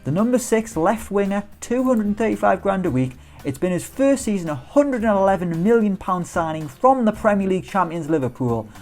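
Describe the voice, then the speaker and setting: A man's voice: high voice, animated, brisk, hardly any pauses, a little mellow, faint music behind. A man giving chatty, upbeat commentary on a football management game, firing off rhetorical questions. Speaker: gaming YouTuber.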